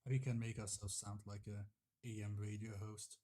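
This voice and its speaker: A man's voice: lowish voice, little pitch movement, normal speed, warm tone. A man hosting a casual livestream at home on a desktop USB microphone, chatty and a little apologetic about the sound. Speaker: livestream host.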